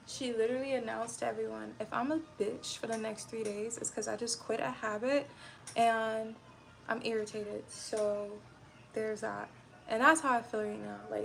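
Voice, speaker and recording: A young woman streams live and talks straight to her chat. She sounds irritable and blunt and rambles as she goes. Her voice sits fairly high with a gravelly fry, and a faint hiss runs under it. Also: a bit bright. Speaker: livestreamer. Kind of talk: casual livestream chat.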